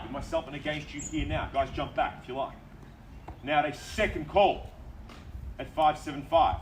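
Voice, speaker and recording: Australian man, auctioneer, rapid bid calling, distant outdoor recording, noisy background. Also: mid-range voice. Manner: fast, persuasive auction patter with repeated bid calls. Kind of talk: live property auction calling.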